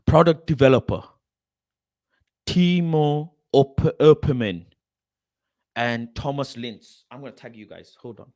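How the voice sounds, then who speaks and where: A man's voice: mid-range voice, a little fast, few pauses, darkish tone. A young man hosting a football channel, reacting to a screen in an exasperated, mocking rant full of swearing, muttering as he reads names aloud. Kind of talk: ranting reaction commentary.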